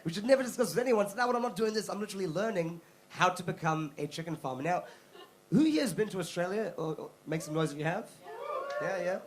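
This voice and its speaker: A young man from South Africa performing a stand-up comedy set on a club stage, telling stories with animated mock voices. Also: sits high, fast, rough recording. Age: young adult.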